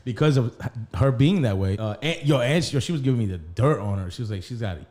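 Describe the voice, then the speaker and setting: Man, podcast host, laid-back storyteller, mellow middle voice. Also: mid-range voice, lively intonation, fast talker. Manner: laid-back storyteller, acts out quoted dialogue.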